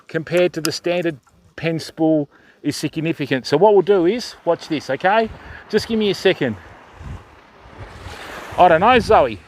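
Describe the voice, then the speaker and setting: A man's voice: high-pitched, slight background noise. An older Australian man hosting a fishing livestream from the beach, chatting casually and greeting viewers by name while explaining what he's doing. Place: beach outdoors.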